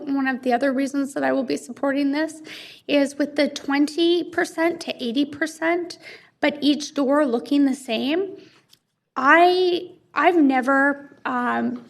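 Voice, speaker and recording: A woman's voice: high-pitched, gravelly. A woman in her thirties with a Canadian accent, a city councillor speaking earnestly at a council meeting with many fillers and restarts.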